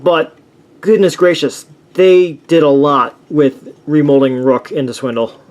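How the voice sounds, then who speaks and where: A man's voice: fairly high pitch, fairly even intonation, measured pace, a little mellow, highs cut off. A man chatting casually through a toy review, enthusiastic and rambling, with many restarts and fillers.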